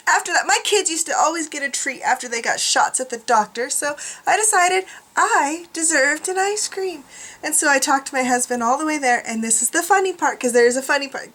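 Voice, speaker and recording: A woman's voice: high voice, expressive, moderate pace, a bit bright. A woman vlogging from a room at home, chatting casually to camera in a self-mocking way, laughing often.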